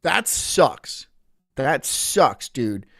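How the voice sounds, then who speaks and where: A man's voice: mid-range voice, sing-song, very slow, creaky, bright, forceful tone, breathy edge, no echo, clean studio sound. A man live streaming, rambling crudely with frequent swearing and laughter. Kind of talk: casual live-stream chat.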